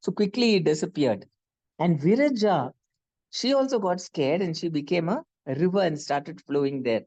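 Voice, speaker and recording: A class speaker with an Indian English accent, retelling a scripture story in an animated way and often correcting themselves mid-sentence. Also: mid-range voice, moderate pace, muffled recording.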